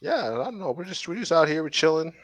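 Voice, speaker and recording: A man's voice: fairly high pitch, big pitch swings, fast. A man co-hosting a podcast in loose casual banter, laid-back, swearing often and laughing a lot. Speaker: podcast co-host.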